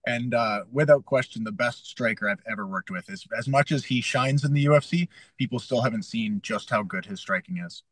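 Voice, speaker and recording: A man's voice: mid-range voice, brisk, hardly any pauses, no room sound, rough recording. A young adult man from Canada, a fighter and coach, telling a story in a casual interview and acting out his own past lines with energy.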